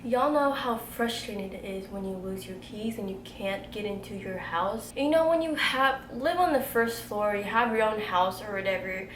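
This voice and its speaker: A young woman, telling a story to camera in a casual, animated way and swearing freely. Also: mid-range voice, normal speed, few pauses. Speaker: beauty vlogger telling a story. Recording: echoey room, faint background noise.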